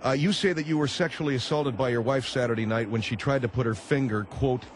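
Male talk radio host, brash and pushy, mid-pitched voice. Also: quick pace, slight background noise. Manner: brash, pushy, repeats questions. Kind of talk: radio call-in show.

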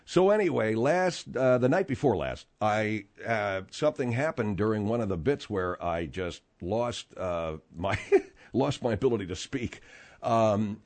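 A man's voice: lowish voice, animated, a little slow, darkish tone. A middle-aged man hosting a talk show, explaining things in a rambling way full of fillers, his voice slightly strained. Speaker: radio talk show host. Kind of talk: casual talk show chat.

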